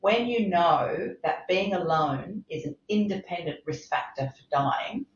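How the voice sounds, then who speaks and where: A woman's voice: fairly low pitch, animated, measured pace. A middle-aged woman, a medical director, speaking emphatically in a podcast interview. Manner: impassioned, emphatic, repeats for stress. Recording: roomy, slightly dull sound.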